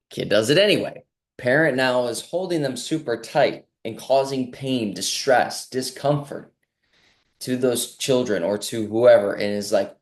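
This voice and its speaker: An earnest man talks through his view of healing in a reflective monologue. He often slips into quoted voices of the body or of people and stretches key phrases slowly for emphasis. His pitch sits in the middle for a man. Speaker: clinic health speaker.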